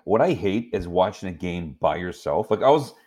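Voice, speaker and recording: Exasperated man with a lively voice. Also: low voice, normal speed. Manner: exasperated, storytelling, lots of "like". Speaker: podcast co-host. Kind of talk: casual sports chat.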